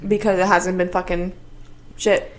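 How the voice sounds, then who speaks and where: A woman's voice: on the low side, little pitch movement, a little slow, a little hiss or hum. A young woman co-hosting a podcast, blunt and sarcastic, swearing freely in casual chat. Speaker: podcast co-host.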